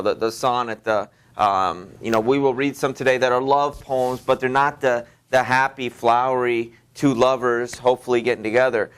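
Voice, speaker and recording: A man teaching a high school literature class in a loose, rambling way, full of fillers and restarts. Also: fairly bright tone, clear, resonant tone. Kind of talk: classroom lecture.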